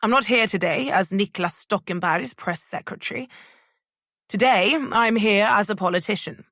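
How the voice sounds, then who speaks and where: A woman's voice: medium pitch, moderate pace, fairly bright tone, no echo, clean studio sound. A woman voicing an ambitious male politician who speaks in a firm, declamatory way. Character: man, ambitious press secretary turned politician, stern.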